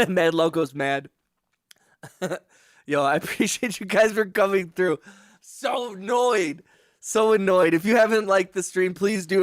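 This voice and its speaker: A man's voice: on the high side, fairly bright tone, clear, resonant tone, no room sound, studio quality. Man venting on his livestream. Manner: frustrated ranting, heavy swearing, self-mocking. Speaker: livestreaming music producer. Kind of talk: casual livestream chat to viewers. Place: home music studio. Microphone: close broadcast microphone.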